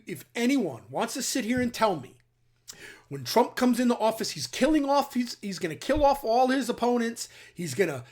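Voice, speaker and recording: A middle-aged military veteran from the New York or New Jersey area, hosting his own channel with blunt, emphatic opinion talk aimed straight at his viewers. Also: medium pitch. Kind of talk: opinionated commentary to camera.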